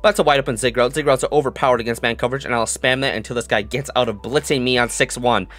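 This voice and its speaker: A young man giving live commentary on his own football video game, muttering plays, then yelling and gloating in a sing-song voice. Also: medium pitch, racing, faint music behind. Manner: excitable, swings from mutters to yelling. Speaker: gaming commentator.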